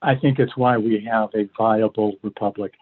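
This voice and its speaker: An older man, a law professor, explaining cases in an interview in a measured way, often pausing to restart. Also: on the low side, steady tone. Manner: measured, many fillers and restarts. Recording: phone-like line.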